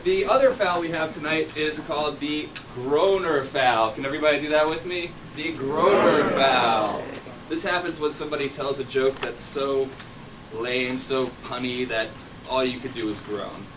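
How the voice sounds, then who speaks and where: Upbeat improv referee, man, slightly high voice, distant noisy live room. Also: normal speed. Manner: playful, upbeat, coaxing the crowd. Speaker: referee and host of an improv show. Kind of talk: addressing a live audience. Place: theater stage.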